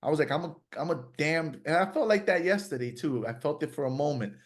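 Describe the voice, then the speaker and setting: A man's voice: fairly high pitch, quick pace. A man hosting a podcast, speaking candidly in a rambling, casual way, often saying "you know". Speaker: podcast host. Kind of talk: casual interview chat.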